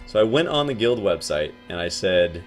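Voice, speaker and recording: A young man telling a story casually to his viewers, acting out what his friends said in hushed and loud voices. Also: low voice, very animated, moderate pace, faint music behind.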